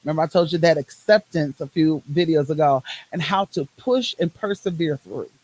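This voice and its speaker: A woman's voice: low-pitched, normal speed, darkish tone, low-quality recording. Emphatic woman podcast host on phone. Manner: emphatic, repeats phrases in rhythmic runs; uses casual Southern US words like y'all. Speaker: medical field worker. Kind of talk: personal podcast monologue.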